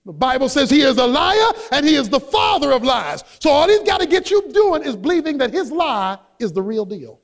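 A man with a very high voice for a man preaches a sermon. He is emphatic and builds from quiet asides to shouted high points, like a pastor working his congregation. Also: very animated, normal speed, few pauses, big-room sound. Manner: emphatic preaching, swinging between soft asides and shouted peaks.

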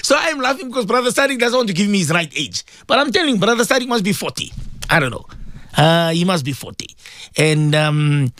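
A middle-aged South African man hosts a radio show, speaking in a high, very animated voice at a brisk clip. He chats affectionately with his listeners, reads their messages on air, and laughs often.

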